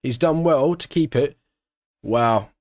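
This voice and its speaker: In a dry, studio-quality recording, a medium-pitched man takes it slowly as he streams a race watch-along. He keeps up relaxed commentary and fields questions from chat, erupting into excited shouts when something big happens.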